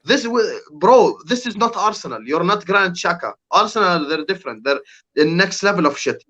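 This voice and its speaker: A man's voice: high voice, lively intonation, normal speed, sharp tone, muffled recording. A young man on a podcast, ranting heatedly about football and swearing often. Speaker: podcast guest, rival fan. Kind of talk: casual podcast chat.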